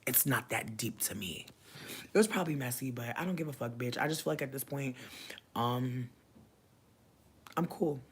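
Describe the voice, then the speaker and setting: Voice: mid-range voice, animated, normal speed, long pauses, a bit bright, slight background noise. A young adult vlogger telling a story in a casual rant, venting animatedly with heavy slang and cursing.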